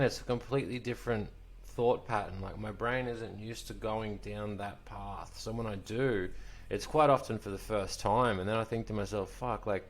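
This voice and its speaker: A young man hosting a podcast, chatting casually with a guest. He swears freely and keeps calling his guest bro. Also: on the low side. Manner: profane, animated storyteller, says bro a lot. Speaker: podcast host. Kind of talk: casual chat.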